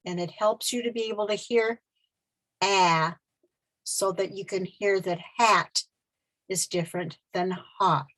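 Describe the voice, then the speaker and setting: Slow, patient woman teacher. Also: medium pitch. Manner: patient, repeating sounds for the learner. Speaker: literacy teacher. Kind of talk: slow pronunciation lesson.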